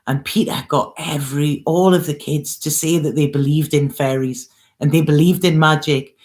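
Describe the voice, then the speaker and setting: In a deep voice, a woman tarot reader delivers an earnest spiritual reading as a casual monologue. She's emotional and close to tears, coaxing listeners with frequent "okay?" and "you know."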